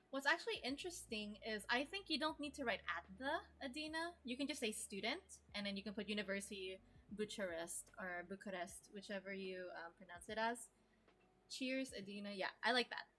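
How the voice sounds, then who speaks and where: A woman's voice: a little high, expressive, moderate pace, sharp tone. A woman teaching an online English class, explaining terms and asking students questions.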